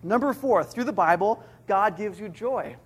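A middle-aged man preaching a sermon, earnest, slowing down to repeat each key point for emphasis. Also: sits high, animated, slightly rough. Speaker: pastor.

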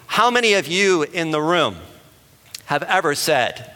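Bright-voiced man preaching in a hall. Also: a little high, unhurried. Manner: conversational, animated, asks the room questions. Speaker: pastor. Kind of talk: sermon. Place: church hall with an audience. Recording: long hall reverb.

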